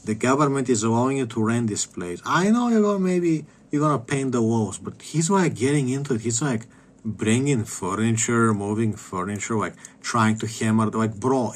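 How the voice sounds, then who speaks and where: A man streaming a game, rambling in a profane, contemptuous rant that keeps trailing off into low mutters. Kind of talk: casual rant while gaming.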